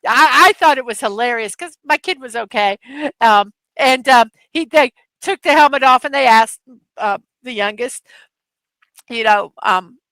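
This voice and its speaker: A middle-aged woman hosts a casual livestream chat from her computer desk at home, telling rambling stories full of fillers and laughs. Her voice is on the high side, fairly bright and a little slow, with no room sound.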